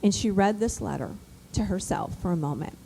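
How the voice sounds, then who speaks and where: A woman giving an emphatic, animated motivational talk to mothers, built around personal stories. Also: mid-range voice, brisk, creaky, slight background noise, poor audio. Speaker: speaker addressing mothers. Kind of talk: motivational storytelling speech.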